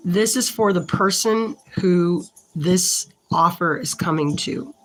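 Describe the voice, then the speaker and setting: A woman with a fairly low-pitched voice, recorded in low quality, gives a casual tarot reading to camera. She's frank and somewhat irritated, slow and halting, thinking aloud as she shuffles and pulls the cards.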